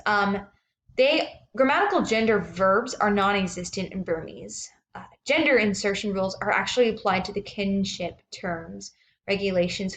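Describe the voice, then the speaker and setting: A woman's voice: medium pitch, fairly bright tone, a little hiss or hum. Hesitant woman presenting a lecture. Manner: hesitant, many ums and uhs.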